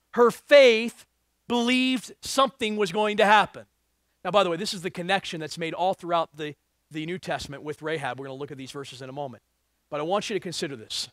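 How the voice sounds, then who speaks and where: A man's voice: high voice, fairly bright tone, no echo, clean studio sound. A male pastor preaching a sermon, reading scripture and asking the congregation emphatic rhetorical questions.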